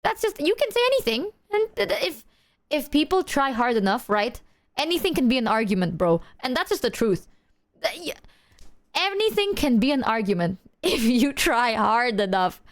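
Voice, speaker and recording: Rambling young woman streamer, fairly high. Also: very animated, normal speed. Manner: rambling, self-mocking, laughs often, slangy. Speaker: VTuber streamer. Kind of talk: casual chat with stream viewers.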